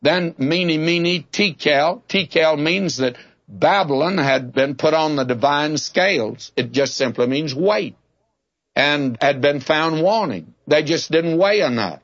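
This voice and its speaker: A man's voice: a little high, slow, fairly bright tone, muffled recording. Folksy man preaching a sermon. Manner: folksy, tells homespun anecdotes; plainspoken, addresses listeners as friends. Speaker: Bible teacher. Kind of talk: radio Bible teaching sermon.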